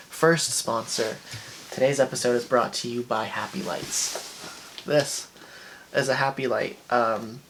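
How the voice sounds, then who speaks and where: A young man hosting a comedy show, telling a dating story in a dry, deadpan way. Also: mid-range voice, slight background noise. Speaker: comedian host.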